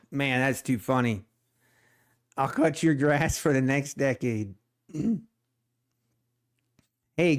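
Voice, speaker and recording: A middle-aged man hosts a day trading livestream, chatting in a relaxed, joking way. His voice sits fairly high and sounds clean.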